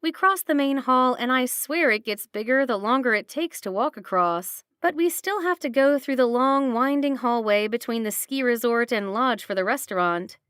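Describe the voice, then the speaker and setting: A woman reading a first-person romance audiobook with steady, expressive narration. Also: on the high side, normal speed, hardly any pauses, smooth, dry recording, studio quality.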